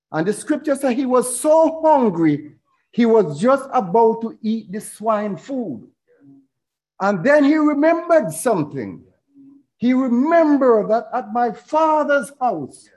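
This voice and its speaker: A man's voice: sits high, a little mellow, poor audio. A middle-aged man preaching a sermon, retelling a parable as a story and quoting scripture.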